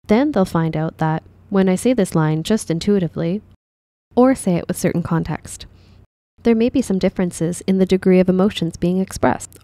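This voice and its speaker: A woman drama teacher calmly explaining an acting lesson in a measured, dubbed voice-over. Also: on the low side, no room sound.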